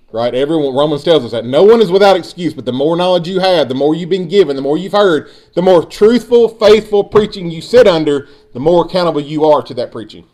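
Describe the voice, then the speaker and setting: A man's voice: a little high, a little mellow. A man preaching a sermon, building emphasis and speaking directly to his congregation. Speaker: pastor.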